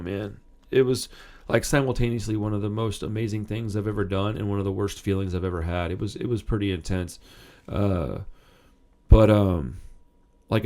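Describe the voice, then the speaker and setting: This thirty-something host of a punk music channel has a lowish, slightly mellow voice. He wanders through a personal anecdote, interrupting himself often and dropping casual swears.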